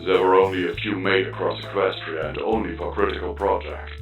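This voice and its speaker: A wry, matter-of-fact male voice crackling through a battered flying robot, put on by a man. The sound is low, staticky and dull as if from a cheap speaker in a roomy space. Plucked guitar music plays clearly behind. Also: little pitch movement, brisk. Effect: mechanical, staticky speaker.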